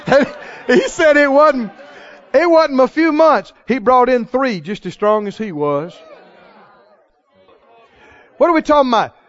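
A man preaching a sermon, chuckling often and swinging from hushed storytelling to loud proclaiming. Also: extremely high pitch, lively intonation, slow pace, long pauses, a faint crowd. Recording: dull lo-fi recording.

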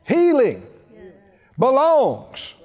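A man's voice: very high voice, huge pitch swings, drawn-out words, warm tone. A man preaching a sermon, emphatic and drawing call-and-response from the congregation, with chuckling asides.

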